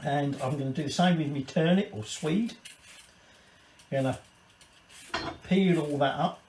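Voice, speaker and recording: A man talks through a recipe in a loose, rambling way, swearing freely between sips of ale. He speaks slowly and sits well away from the mic in an echoey kitchen. Faint clatter of pots and cutlery sounds behind him. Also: on the high side, darkish tone, recorded from a distance, slight background noise. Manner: rambling, swearing, tipsy asides. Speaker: cooking channel host. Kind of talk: casual cooking vlog. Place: home kitchen.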